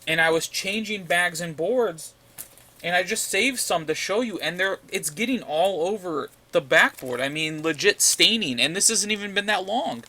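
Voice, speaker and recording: A man's voice: high-pitched, expressive, normal speed, pushed and bright. A man rambling casually in a comic book vlog, ranting and swearing as he shows his new pickups. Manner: ranting, profane, repeats himself.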